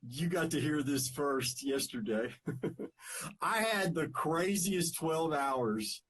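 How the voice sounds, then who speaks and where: A man, co-hosting a podcast, relaxed and rambling as he greets viewers and tells stories. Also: fairly high pitch, slow pace, a little hiss or hum. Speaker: podcast co-host. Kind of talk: casual chat on a live stream.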